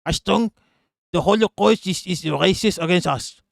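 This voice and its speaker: A man's voice: sits high, moderate pace, creaky, no room sound, clean studio sound. A man doing a barking mock German officer. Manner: barking, indignant shouting.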